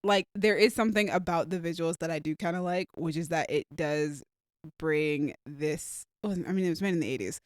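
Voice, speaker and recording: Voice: mid-range voice, normal speed, dry recording, clean studio sound. A co-host of a casual movie review podcast, talking things through thoughtfully with lots of "like". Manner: thoughtful, hedging with "like".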